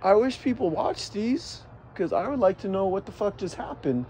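With his heart racing, a shaken vlogger self-films on his phone in a city street, profanely venting and looping back over the same points. His high-pitched voice has lively intonation and a mellow quality at normal speed, over a little hiss or hum.

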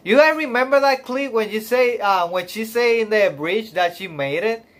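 A man reacting on a live stream, emotional and close to tears, gushing in halting speech full of fillers, sighs and laughs. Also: high voice, fairly bright tone.

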